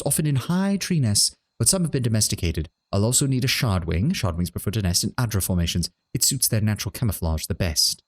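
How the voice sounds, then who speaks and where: A man's voice: on the low side, a little mellow. A man voicing a vain, silly small male Orlan singer while reading game dialogue aloud, in a sing-song, lecturing manner.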